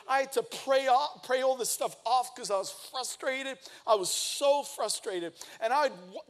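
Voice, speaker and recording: A man in his thirties preaching a sermon, telling a lively personal story and acting out the quoted lines. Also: very high voice. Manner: energetic storytelling, acts out quotes. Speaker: pastor.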